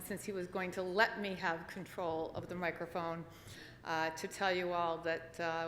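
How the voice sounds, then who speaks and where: Lady at a podium mic in a big echoey banquet hall, chatty and halting, lots of uhs, faint hum behind. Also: lowish voice, fairly bright tone. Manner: halting, many fillers, laughing asides. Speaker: award speech speaker. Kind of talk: nervous, chatty acceptance speech. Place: banquet hall at an awards dinner. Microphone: podium microphone.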